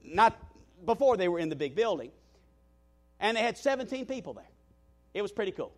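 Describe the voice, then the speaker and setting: A male pastor telling a story in a sermon, animated and self-deprecating, with frequent restarts and "you know". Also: sits high, a little fast.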